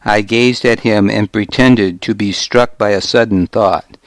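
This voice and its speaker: A man narrating an audiobook in the first person, measured and even. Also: fairly low pitch, no echo.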